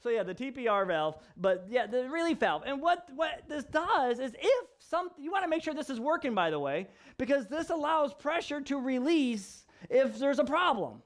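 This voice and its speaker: Man, middle-aged, pastor, casual vlog, laughs a lot, light high pitch. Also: sing-song, moderate pace, few pauses. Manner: chatty, jokey, laughs often. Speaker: pastor and professor. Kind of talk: casual devotional vlog talk.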